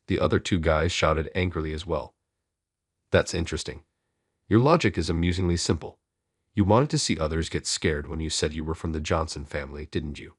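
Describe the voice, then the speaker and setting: Low husky male story narrator. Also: a little fast, no echo, studio quality. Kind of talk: first-person story narration.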